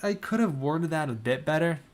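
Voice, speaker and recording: A man's voice: on the high side, animated, moderate pace. A young man hosting a video, reading fan fiction aloud in a dry comedic style with sarcastic asides. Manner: dry, breaks into laughter and asides. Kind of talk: comedic dramatic reading with commentary.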